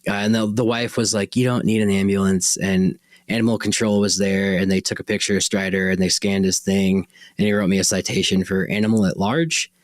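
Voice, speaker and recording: A man's voice: low-pitched, level tone, brisk, no room sound. A man hosting a podcast, telling a personal story in a rambling, conversational way and often correcting himself. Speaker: podcast host.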